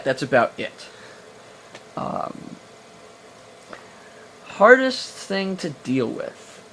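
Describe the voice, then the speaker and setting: A young man with a middle-pitched voice talks into a camera held in his own hand. He rambles, stalls on fillers and restarts his sentences, and turns his answers into crude, self-deprecating jokes. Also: a little hiss or hum. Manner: self-mocking, crude humor. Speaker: vlogger answering viewer questions. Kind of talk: casual Q&A vlog talk. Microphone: handheld camera mic.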